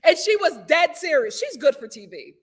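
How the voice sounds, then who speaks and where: A young woman hosting a casual reality-TV recap, animated and laughing often as she acts out what people said. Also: high voice, normal speed. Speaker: YouTube host reviewing a reality show.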